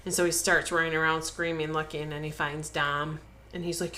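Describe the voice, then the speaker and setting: A woman's voice: low-pitched, little pitch movement, normal speed, bright, forceful tone. A woman co-hosting a podcast, casually retelling a film's plot and acting out the characters' lines. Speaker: podcast co-host.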